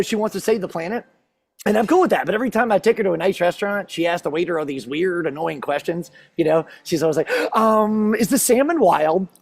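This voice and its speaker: A man's voice: sits high, vocal fry, a little mellow, dry recording. A man doing a stand-up comedy set on stage, chatty and self-deprecating as he works the crowd.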